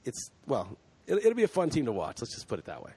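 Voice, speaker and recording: A man's voice: mid-range voice, huge pitch swings, quick pace, dark tone, slightly rough. A man hosting a podcast in casual chat, heated and ranting, swearing freely. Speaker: podcast host.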